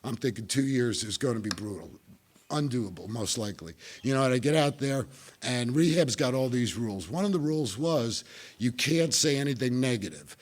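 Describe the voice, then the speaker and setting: A man's voice: mid-range voice, lively intonation, normal speed. A middle-aged man from New Jersey with a New Jersey accent, telling his recovery story at a meeting with wry, self-mocking humor. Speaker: speaker sharing recovery story.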